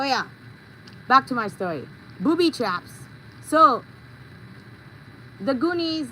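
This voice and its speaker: A woman's voice: medium pitch, bright, forceful tone, a little hiss or hum, rough recording. A woman vlogger talking in a playful, rambling monologue, telling stories with goofy sound effects.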